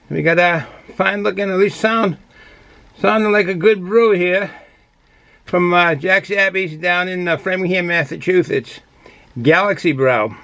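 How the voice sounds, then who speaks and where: A man's voice: high voice, pushed and bright, no echo, poor audio. A man with a Boston accent casually reviewing a beer, rambling with many fillers and restarts.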